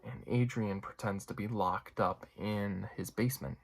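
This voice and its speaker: A man's voice: fairly low pitch, steady tone, a little slow. A young man giving a casual, rambling movie review, full of fillers and asides. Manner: rambling, lots of fillers and you-knows.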